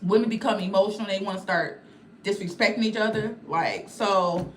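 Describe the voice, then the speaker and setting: A woman's voice: mid-range voice, fairly even intonation, normal speed. Woman livestreamer, mid-range voice, rambling and blunt, addresses chat directly; faint background noise. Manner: rambling, talks straight to her viewers; blunt and outspoken.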